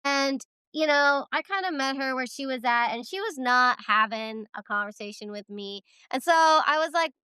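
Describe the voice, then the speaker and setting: A woman's voice: sits high, animated, moderate pace, hardly any pauses, pushed and bright, clear, resonant tone, no room sound. A woman chaplain co-hosting a podcast, talking candidly and animatedly in casual conversation and swearing freely. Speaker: hospital chaplain, podcast co-host.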